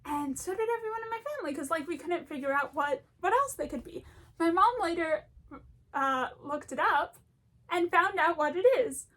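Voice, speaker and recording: A woman's voice: extremely high pitch, normal speed, bright, forceful tone. A woman talking in a casual, rambling commentary, chatty and self-deprecating, often breaking into laughter. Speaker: video essayist.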